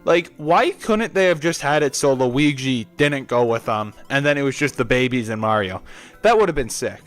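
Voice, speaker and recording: A man's voice: mid-range voice, lively intonation, moderate pace, fairly bright tone, faint music behind. A young man narrating his gameplay in a casual, opinionated way, with crude offhand jokes.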